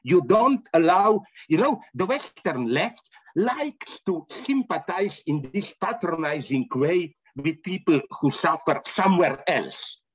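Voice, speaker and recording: A man's voice: fairly high pitch, expressive, takes it slowly, hardly any pauses, slightly rough. An older man talking in a rambling, emphatic way as a panellist on a remote call. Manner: rambling, emphatic, many restarts. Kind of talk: animated casual remote panel talk.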